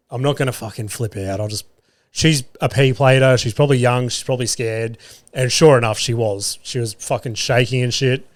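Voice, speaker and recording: Aussie guy rambling a sweary podcast story, middle pitch, dry close sound. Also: dry recording. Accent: Australian. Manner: swears a lot, rambling and animated. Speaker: podcast host. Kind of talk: casual storytelling monologue.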